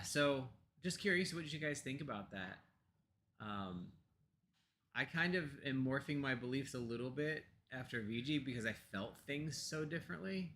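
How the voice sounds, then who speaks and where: An American man co-hosts a pagan discussion show from his home computer, chatting casually with lots of fillers and restarts. Now and then he turns aside to talk softly to his pets. His voice is mid-range, with a little hiss or hum in the recording.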